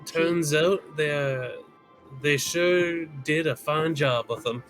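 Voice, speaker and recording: A man's voice: a little high, takes it slowly, fairly bright tone, soft background music, poor audio. A man co-streaming a game, reading character lines and hamming up a put-on Southern accent. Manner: playful, drawls in a put-on Southern voice.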